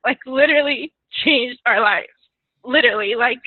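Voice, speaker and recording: A woman's voice: a little high, normal speed, dry recording. A woman guest telling her story in a casual interview, chatty, laughing often and getting emotional. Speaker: guest distributor. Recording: tinny phone line, dry.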